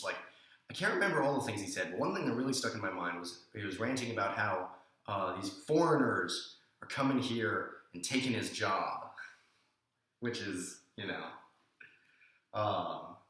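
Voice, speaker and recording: A man telling a personal story in a casual, animated, conversational way. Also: fairly low pitch. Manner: animated and conversational, with many fillers. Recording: very echoey room.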